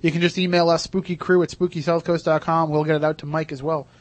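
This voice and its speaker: A man's voice: on the high side, little pitch movement, fast talker. A man hosting a radio show, chatting eagerly and at length with his guests. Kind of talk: casual radio chat.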